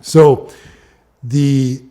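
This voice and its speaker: Middle-aged guy from ontario telling climbing stories, gets animated, warm low-key tone. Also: extremely slow, clean tone. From Ontario, Canada. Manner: animated, restarts sentences. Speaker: rock climber interviewee. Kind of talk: animated storytelling.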